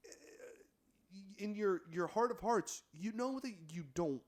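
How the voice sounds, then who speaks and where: A man's voice: high-pitched, lively intonation, a little slow, darkish tone. A young man co-hosting a podcast, talking in a casual, rambling way with lots of filler words. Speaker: podcast co-host. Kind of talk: casual chat.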